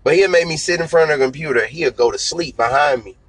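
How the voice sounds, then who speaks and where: A man in his thirties, a singer being interviewed, telling his story in a relaxed, slangy, conversational way. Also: on the high side, fast talker, husky, no room sound, low-quality recording. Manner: relaxed storytelling, slangy, repeats "you know what I'm saying". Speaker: singer and guest.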